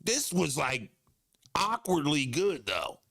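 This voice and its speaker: A man's voice: a little high, big pitch swings, slow pace, vocal fry, sharp tone, dry recording, clean studio sound. A man, chatting casually as a streamer reacting to clips, laid-back and freely swearing.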